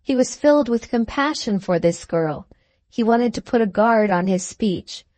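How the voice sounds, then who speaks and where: A woman reading a classic novel aloud as an audiobook narrator, in a measured, even storytelling manner. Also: a little high, no echo.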